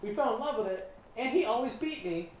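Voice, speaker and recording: A man's voice: very high voice, brisk. A man chatting casually over a game, telling stories with lots of laughter. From none, lived all over. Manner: animated storyteller, laughs often. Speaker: co-host of a gaming playthrough. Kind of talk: casual chat over gameplay. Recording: echoey room with background noise.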